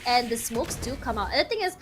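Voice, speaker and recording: A woman giving live esports commentary in a bubbly, giggly, excitable manner. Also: fairly high pitch, quick pace, music in the background. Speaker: esports caster.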